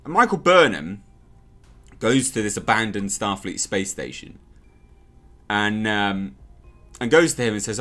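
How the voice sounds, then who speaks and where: A man's voice: lowish voice, lively intonation, a little slow, long pauses, bright, forceful tone, soft background music. A man reviewing a TV episode in a casual, sarcastic and exasperated rant.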